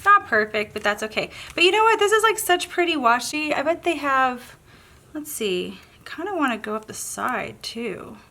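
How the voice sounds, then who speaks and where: A woman's voice: sits high, big pitch swings, moderate pace, sharp tone. A woman with a Southern accent chatting casually through a painting tutorial, bubbly and thinking aloud as she works. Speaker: craft tutorial host.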